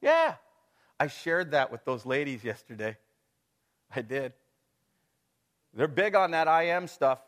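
A middle-aged man preaching at a mid-range pitch. He talks his congregation through the passage in an easy, conversational way. He poses rhetorical questions and chuckles between them. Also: a little slow, long pauses, fairly bright tone. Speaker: pastor. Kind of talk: sermon.

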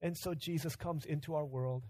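A man in his thirties preaching a sermon, telling stories conversationally and swinging from loud urgent bursts to hushed quiet. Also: a little high, steady tone, normal speed, dry recording. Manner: storytelling, conversational. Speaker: pastor.

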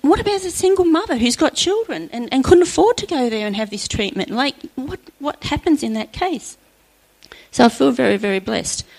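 A middle-aged woman sharing an earnest personal faith testimony at church, chatty and often laughing softly. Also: high voice, animated, normal speed, creaky, low-quality recording.

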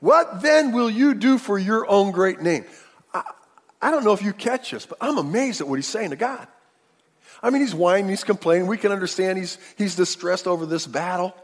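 A man preaching a sermon, acting out the quotes dramatically with big swings between loud and hushed. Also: high-pitched, expressive, normal speed. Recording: long hall reverb.

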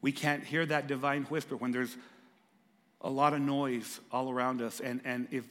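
A pastor preaching a sermon, swinging from raised, emphatic lines to hushed, soft ones. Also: male voice, mid-range voice, in a large hall.

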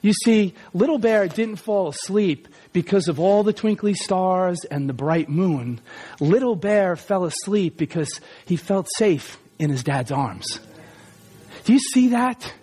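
Chatty high-voiced preacher man. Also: animated, a little slow, dark tone, slightly rough. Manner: chatty, self-deprecating, many asides. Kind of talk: sermon.

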